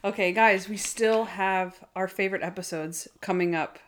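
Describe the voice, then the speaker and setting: A woman hosts a casual podcast in a middle-pitched voice. She teases her co-host and keeps the show moving from one segment to the next with an upbeat lilt. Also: fairly even intonation, normal speed. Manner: teasing, upbeat, leading the segments. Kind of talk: casual chat.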